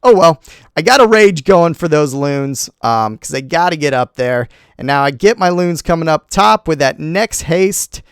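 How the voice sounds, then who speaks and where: A man commenting on a replay of his own game, animated and self-critical, talking to himself as he goes. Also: on the high side, clean tone, no room sound, studio quality. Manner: self-critical, talks to himself while narrating; animated, quick swings between groans and cheers. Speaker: gaming channel host.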